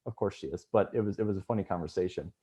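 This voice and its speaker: A young man with a low, mellow voice speaks at a farewell on a video call. He tells his story in a loose, rambling way, full of fillers and restarts. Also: racing, slightly rough. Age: young adult. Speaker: student government member. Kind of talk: farewell speech at online meeting.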